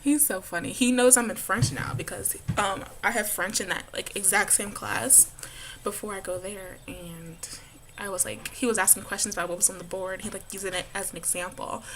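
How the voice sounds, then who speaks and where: In her casual vlog, a bubbly, giggly young college woman fills her talk with "like." She speaks at a medium pitch, a little fast, with fairly even intonation and a fairly bright tone, over a slight hiss or hum.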